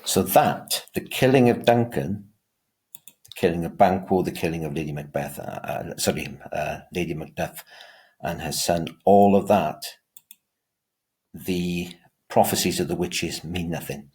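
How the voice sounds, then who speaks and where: A man with a very deep, low voice lectures as a teacher. He speaks with emphasis and often stumbles into restarts, repeating words before pressing his point. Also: measured pace, darkish tone. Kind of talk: revision lecture.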